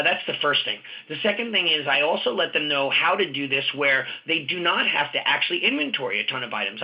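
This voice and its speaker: Man, business coach, animated storyteller, slightly high voice, muffled lo-fi audio. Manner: animated storyteller, acts out quoted dialogue. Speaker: martial arts school owner and business coach. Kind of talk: audio interview, conversational.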